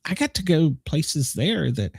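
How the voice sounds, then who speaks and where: A man's voice: a little high, measured pace, creaky, breathy edge, no room sound, studio quality. A middle-aged man hosting a podcast, telling stories in casual chat, laughing often. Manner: chatty storyteller, laughs often, animated. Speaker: podcast host.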